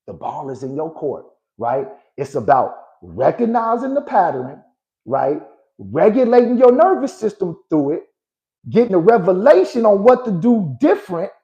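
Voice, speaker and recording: A man's voice: mid-range voice, dark tone, muffled recording. A man in his forties, a life coach hosting a motivational live talk, emphatic and preachy, often checking in with his listeners. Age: 40s. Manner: emphatic and preachy, tags lines with "right?" and "good people".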